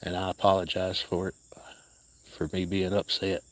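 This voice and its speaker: A man with an Appalachian accent, hosting a casual livestream outdoors and speaking softly to viewers by name. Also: deep voice, monotone, normal speed, no echo. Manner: soft-spoken, grieving, talks to viewers by name. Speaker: cat sanctuary livestream host.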